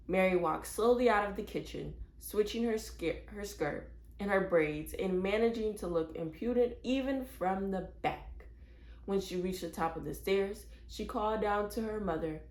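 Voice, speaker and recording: A woman's voice: mid-range voice, moderate pace, a little mellow. Woman reading a storybook aloud, echoey. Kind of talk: reading a children's chapter book aloud.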